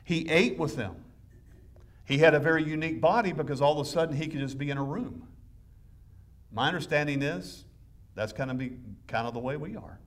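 A pastor preaching with eager, conversational energy, often stumbling over his words as he restarts sentences. His voice sits fairly high for a man and sounds a bit far from the microphone, as if he moves around the pulpit. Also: lively intonation, moderate pace, long pauses. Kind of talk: sermon. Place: church sanctuary.

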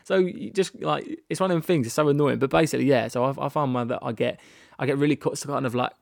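British male podcast host, young, gravelly tone, dry close sound, rambling and self-deprecating. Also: mid-range voice, steady tone, fast, no echo. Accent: British English. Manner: rambling, frequent restarts and self-deprecating laughs. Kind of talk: candid solo podcast monologue. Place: rented holiday annex.

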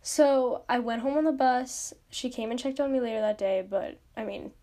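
Young female podcast host, chatty storyteller, pitched a bit high, heavy on "like". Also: normal speed, mellow. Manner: chatty, lots of "like", self-mocking. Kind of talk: casual storytelling monologue.

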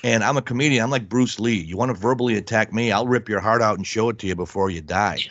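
A man's voice: on the low side, fast talker, no echo. A man in his fifties, a stand-up comedian, telling rambling blunt stories in a casual interview. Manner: rambling, blunt, animated storyteller. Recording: dull muffled dry audio.

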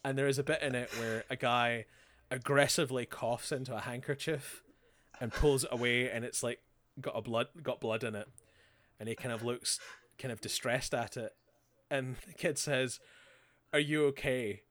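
Recapping a show in casual podcast chat, this male co-host is sarcastic, rattling off characters' lines in quick put-on voices. He speaks in a mid-range, slightly bright voice with fairly even intonation.

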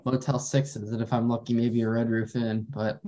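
A man's voice: mid-range voice, flat delivery, unhurried, warm tone. 19 yr old guy co-hosting, chill, jokes about himself. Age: teens. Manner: laid-back, self-deprecating. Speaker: podcast co-host. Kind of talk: casual chat.

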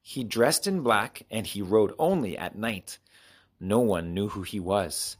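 A man reading short children's stories aloud with clear, expressive storytelling. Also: on the low side, a little slow. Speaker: narrator.

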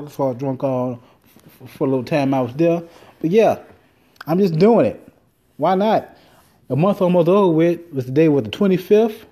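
A man's voice: a little high, normal speed, long pauses. Laid-back man ranting on a podcast. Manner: profane, rambling, animated storytelling. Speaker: podcast host. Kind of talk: casual solo podcast rant.

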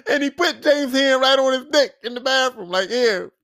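A man hosting a podcast, casually recapping a TV series in a profane, animated storytelling manner, acting out the characters' lines. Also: very high voice, normal speed, no echo, clean studio sound. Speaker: podcast host.

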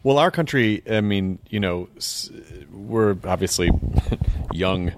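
An American man hosting an interview, talking casually with halting restarts and jokes. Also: on the low side, lively intonation, noisy background. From United States. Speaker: interview host.

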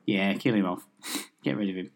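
A man in casual comedic chat, playful and quick to swear. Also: low-pitched, gravelly, a little hiss or hum. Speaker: podcast co-host.

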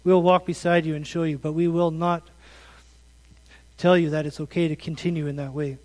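High-voiced preacher in a reverberant hall. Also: male voice, level tone, moderate pace, a little mellow. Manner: questioning, earnest, conversational preaching. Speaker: pastor. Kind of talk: sermon.

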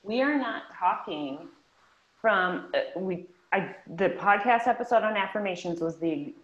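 A woman's voice: medium pitch, expressive, a little slow. A woman hosting a podcast, speaking in an emphatic casual way with mild swearing. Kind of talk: casual chat. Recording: roomy, dull lo-fi sound.

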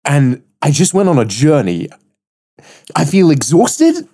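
A man co-hosting a podcast in casual chat, animated and rambling, swearing freely. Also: a little high, a little slow. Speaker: podcast co-host.

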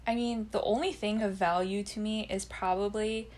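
A woman's voice: medium pitch, fairly even intonation, normal speed, darkish tone. A young woman co-hosting a podcast in casual chat. She talks about a show, laughs often and acts out the characters' lines. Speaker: podcast co-host.

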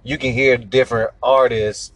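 A man's voice: medium pitch, steady tone, moderate pace, no room sound. A man interviewing a guest, laid-back, asking short questions and backing him up. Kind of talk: casual conversational interview.

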